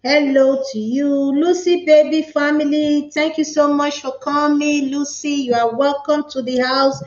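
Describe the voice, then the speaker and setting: A woman's voice: high voice, steady tone, measured pace, soft background music. A woman with a Nigerian accent hosting a casual live stream, playfully chatting and reading out viewers' comments. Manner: playful, chatty, mixes pidgin with English. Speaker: livestream host. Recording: echoey room, slightly dull sound.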